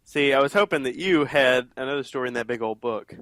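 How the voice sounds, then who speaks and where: A young man playing in a comedic tabletop game, chatting in a deadpan, rambling way. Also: mid-range voice, quick pace, dry recording, low-quality recording. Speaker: player. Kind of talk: casual tabletop game chat.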